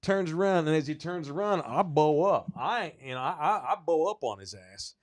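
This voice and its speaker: A man co-hosting a sports podcast, telling a story in casual, animated, profane talk. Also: a little high, moderate pace. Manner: animated, profane, rising when excited. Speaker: podcast co-host.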